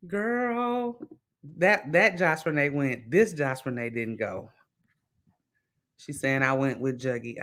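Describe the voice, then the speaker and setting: A woman author, chatting casually and telling stories with lively acted-out quotes. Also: sits low. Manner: animated storytelling with voiced quotes. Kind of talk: casual panel chat.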